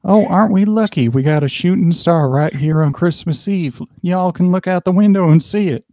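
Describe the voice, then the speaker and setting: A man putting on a friendly American limo driver who calls back over his shoulder in a high, twangy drawl. The voice sits well above the man's own and sounds upbeat and easygoing. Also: normal speed, mellow, no room sound, studio quality. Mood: cheery. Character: chatty cheerful male limo driver.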